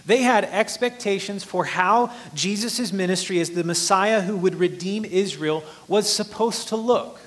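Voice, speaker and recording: A man's voice: sits high, measured pace, few pauses, fairly bright tone. A man preaching a sermon, explaining a passage earnestly and rising in force for emphasis.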